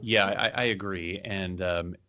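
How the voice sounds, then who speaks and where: A man's voice: low-pitched, fairly even intonation, a little slow, bright, forceful tone, clean tone. A man co-hosting a fan podcast, talking thoughtfully with hesitant restarts and wry jokes. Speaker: podcast co-host. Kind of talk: casual fan discussion.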